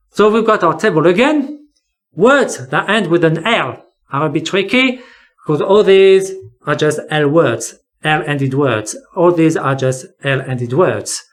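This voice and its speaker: This is an English teacher walking through spelling rules in a lesson. The delivery is slow and deliberate, with key words repeated for emphasis. The voice swings up and down in pitch as it explains.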